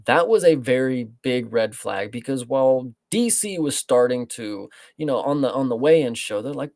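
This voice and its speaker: Casting: a gravelly male podcast co-host, blunt and profane, on a dry close mic. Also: medium pitch, lively intonation, normal speed, a little mellow, no echo. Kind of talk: casual sports chat.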